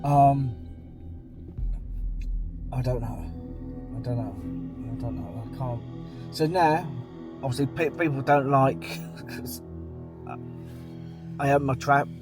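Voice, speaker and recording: A man's voice: medium pitch, fairly even intonation, slow pace, pauses often, loud music behind the voice. A man, talking to camera in a rambling, blunt, plain-spoken vlog monologue. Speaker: vlogger.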